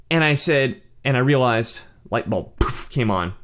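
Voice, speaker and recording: A man hosting his own channel, telling a personal story in a casual monologue, animated and blunt, swearing and often restarting his sentences. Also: medium pitch, a little slow, few pauses. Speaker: channel host.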